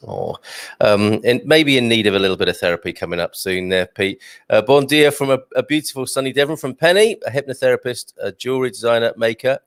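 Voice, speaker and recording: A man's voice: mid-range voice, no room sound. Chatty male live-stream host. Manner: chatty, self-deprecating, laughs often. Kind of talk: casual live-stream chat and news reading.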